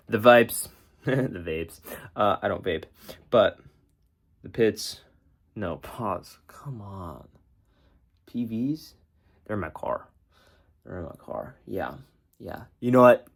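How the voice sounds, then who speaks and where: A man vlogging in a casual, rambling way, joking with viewers and talking himself into being productive. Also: lowish voice. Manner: rambling, joking, self-motivating. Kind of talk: casual self-talk vlog.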